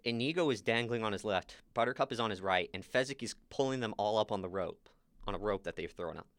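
A man's voice: on the low side, no room sound. A man co-hosting a podcast, casually recapping a movie scene by scene and quoting the characters. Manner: animated retelling, quick quoted asides. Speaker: podcast co-host.

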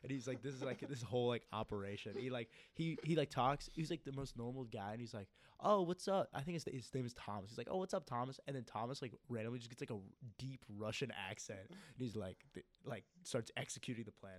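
A man's voice: medium pitch, fast, few pauses, dry recording. A young man co-hosting a casual podcast, rambling through stories with a lot of "like" fillers. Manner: rambling, filler-heavy storytelling. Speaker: podcast co-host. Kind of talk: casual chat.

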